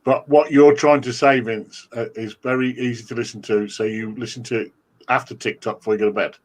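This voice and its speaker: A man's voice: mid-range voice, steady tone, brisk. A man co-hosting a casual chat, jokey and laughing often.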